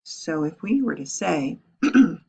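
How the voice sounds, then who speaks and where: Female writing teacher, lower-pitched, lively and explanatory, checks in with the class as she goes. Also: slow pace, vocal fry, slightly rough. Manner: lively, explains with rhetorical questions. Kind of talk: classroom grammar lesson.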